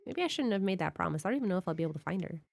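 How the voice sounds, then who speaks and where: A woman's voice: lowish voice, lively intonation, very fast, gravelly. A woman reading the lines of a cocky young male thief hero from a video game, her delivery brash and earnest.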